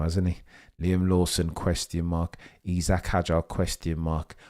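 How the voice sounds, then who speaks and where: This is a young man with a low, deep voice, hosting a live race watchalong stream. He talks in an excitable, rambling way and keeps reading out comments from his chat.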